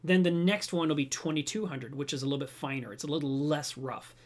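A man hosting a home livestream about reef aquariums, chatting casually to his webcam and telling stories in an animated way. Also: on the high side, fast. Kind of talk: casual livestream chat, reading viewer comments.

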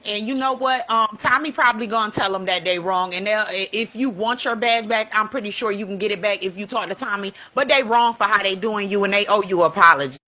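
A woman's voice: mid-range voice, fast talker, hardly any pauses, sharp tone. A woman on a live stream reassuring the host, firmly telling her she was wronged. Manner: consoling and firmly supportive. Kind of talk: casual live stream chat.

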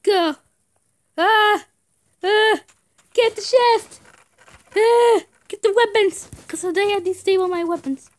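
A woman's voice: very high voice, slow pace, long pauses. A young woman giving casual gameplay commentary in short outbursts, often screaming and laughing. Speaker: gamer.

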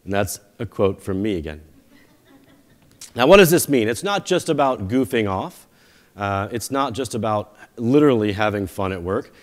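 Low-voiced man giving a keynote. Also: lively intonation, moderate pace. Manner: conversational storytelling with self-deprecating jokes. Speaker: company founder giving a keynote. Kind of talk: conference keynote speech. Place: conference stage before a live audience.

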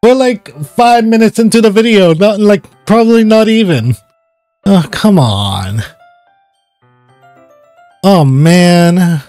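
A man's voice: high voice, expressive, slow, long pauses, darkish tone, no echo, soft background music. Laid-back man swearing through game commentary. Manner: swears and laughs, reads game dialogue aloud. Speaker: gaming channel host. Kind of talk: casual let's-play commentary.

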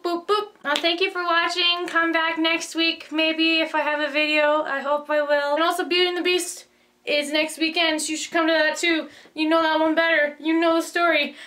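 Young woman, high bright voice, bubbly, flustered, rambling, filler-heavy, casual video chat. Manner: rambling, full of fillers and self-corrections. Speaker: video host. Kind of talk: rushed casual plot summary.

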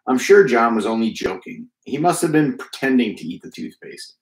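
A man reading aloud, voicing a patient mother who gently chides her children. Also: mid-range voice, very animated, normal speed, gravelly, reverberant, rough recording. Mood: gentle.

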